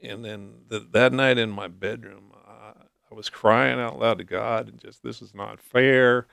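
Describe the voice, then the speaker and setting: A man with a low, heavily gravelly voice shares his story as a guest, speaking softly and haltingly with small restarts. The sound is dry and close, with no room around it. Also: steady tone, dry recording. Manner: halting, soft-spoken testimony with restarts. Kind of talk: personal storytelling interview.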